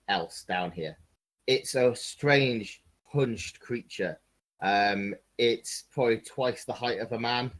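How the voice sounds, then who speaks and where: A man narrating as game master of a tabletop game, hesitant with many ums and restarts. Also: on the low side.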